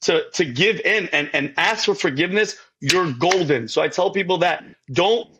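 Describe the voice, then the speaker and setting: A man's voice: sits high, normal speed, background noise. A man on a podcast telling his faith story with feeling. He rambles and stammers through restarts and keeps calling the host by name. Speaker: podcast guest. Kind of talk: emotional faith testimony in casual talk.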